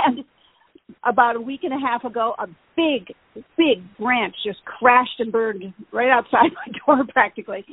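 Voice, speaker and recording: Woman co-host, chatty storyteller, husky, dry and tinny sound. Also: on the high side, no room sound. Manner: animated, laughing, acts out voices in her stories. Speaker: podcast co-host. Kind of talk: casual storytelling chat. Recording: phone-like, narrow band.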